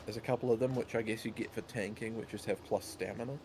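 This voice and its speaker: A man's voice: lowish voice, fairly even intonation, quick pace, darkish tone. Wry man chatting over background noise. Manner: chatty, wry, laughs while telling stories. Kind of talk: casual chat on a gaming stream. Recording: noisy background.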